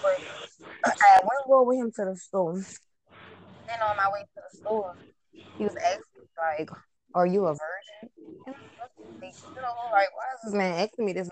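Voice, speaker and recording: A woman telling her own life story as an interview guest, in casual, halting talk with frequent pauses and restarts. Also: medium pitch, low-quality recording.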